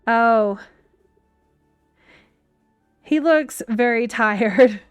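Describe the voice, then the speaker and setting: A woman's voice: fairly high pitch, drawn-out words, smooth, dry recording, clean studio sound, faint music behind. A woman in her thirties chatting casually as she plays a game on a live stream, thinking aloud from her computer at home. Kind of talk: casual live gameplay chat.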